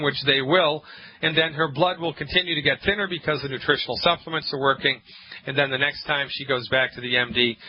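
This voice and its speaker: A man hosting a call-in health radio show as a naturopath, emphatic and jokey, on a dull lo-fi broadcast. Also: on the high side. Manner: emphatic, jokey, rants with mock-angry acted quotes.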